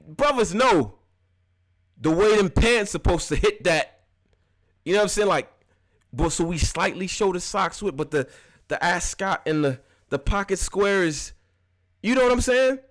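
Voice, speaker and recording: An early-thirties man hosts a live call-in show, delivering a casual monologue. He tells animated stories full of slang, then drifts into loose, low-key, mumbled housekeeping.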